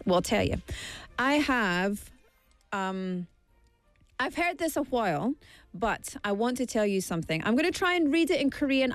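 Woman teacher, slightly high voice, brisk and encouraging, soft music under her. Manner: encouraging, motivational. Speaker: language teacher. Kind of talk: word-of-the-day video lesson.

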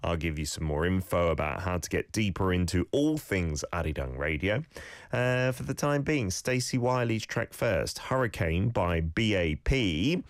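A very low-voiced male radio host coaching listeners on pronunciation. He talks in a relaxed, casual way and patiently repeats sounds slowly. The mic sounds close and dry, with no room around him. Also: no echo. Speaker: radio host teaching Korean. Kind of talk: casual radio talk with language tips.

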